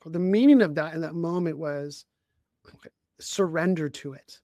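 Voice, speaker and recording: A man who coaches leaders tells a personal story in a voice that sits a little higher than most men's. He talks haltingly, restarts his sentences often and keeps clearing his throat. The sound is dry and close, with no room echo. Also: mellow. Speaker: leadership coach and podcast co-host. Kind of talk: conversational storytelling.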